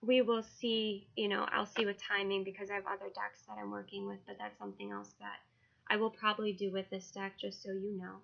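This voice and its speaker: A woman who reads tarot and is launching her own card deck, talking casually, emotionally and haltingly, with many fillers. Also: medium pitch, monotone, gravelly, bright, forceful tone, lo-fi sound. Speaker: tarot reader and deck creator. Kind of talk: casual video walkthrough.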